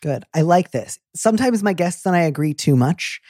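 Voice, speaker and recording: A man hosting an advice podcast, talking in a playful, jokey way with animated asides. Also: fairly high pitch, moderate pace, dry recording, studio quality. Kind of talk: casual advice chat.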